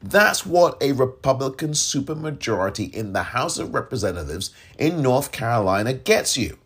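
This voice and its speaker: Fiery, husky-voiced male podcast host. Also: medium pitch, big pitch swings, moderate pace, a bit bright. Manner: fiery, exasperated, mocking others in put-on voices. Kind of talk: impassioned political commentary.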